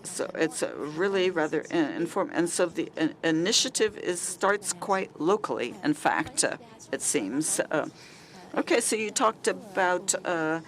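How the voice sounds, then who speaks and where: Halting panel moderator. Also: mid-range voice, lively intonation.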